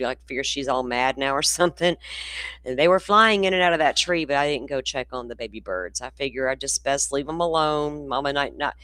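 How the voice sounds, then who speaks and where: A woman's voice: extremely low pitch, a bit bright, dry recording, clean studio sound. A grandmother chatting folksily with her livestream viewers from home. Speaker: true crime channel host. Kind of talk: casual livestream chat. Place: indoors at home in the country.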